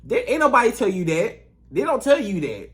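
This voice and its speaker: A man's voice: high-pitched, very animated, brisk. A man giving relationship advice in a casual, emphatic monologue, repeating his points in colloquial speech. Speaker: relationship coach.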